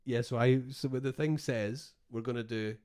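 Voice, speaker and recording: A man's voice: medium pitch, moderate pace, a little mellow, clean tone. A man co-hosting a casual podcast chat, rambling and breaking off mid-sentence, laughing often. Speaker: podcast co-host. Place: garage.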